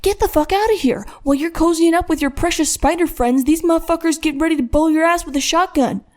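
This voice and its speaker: A woman voicing a hot-tempered young woman who panics and swears, talking loud and frantic in an audiobook. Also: sits high, fast, voice pushed up, natural voice.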